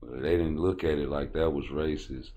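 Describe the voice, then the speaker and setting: Deep-voiced man ranting bluntly. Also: steady tone, normal speed, dark tone, a little hiss or hum. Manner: profane, rambling, blunt. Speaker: boxing commentator. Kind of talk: casual commentary rant.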